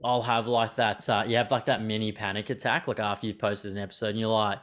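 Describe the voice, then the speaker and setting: A man's voice: on the low side, fast. A young Australian man hosting a podcast, chatting casually and swearing freely, acting out the voices of people he describes. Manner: sweary, animated, acts out quoted voices. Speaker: podcast host. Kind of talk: casual unscripted chat.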